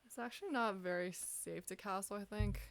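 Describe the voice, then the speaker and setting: Speaking fairly quickly at medium pitch, a woman chess streamer muses over her games. She interrogates her own choices and laughs at herself for the errors.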